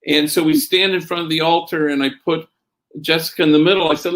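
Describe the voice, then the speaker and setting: Gravelly-voiced man telling a story. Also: a little high, fast. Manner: tells stories with Spanish slang phrases mixed in; quotes others in a raised, lively voice. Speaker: priest and speaker. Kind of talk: storytelling talk.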